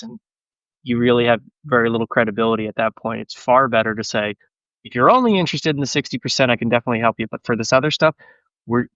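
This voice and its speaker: A man guesting on a podcast, speaking as a sales executive in a casual, animated conversation and telling self-deprecating stories. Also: medium pitch, no room sound, muffled recording.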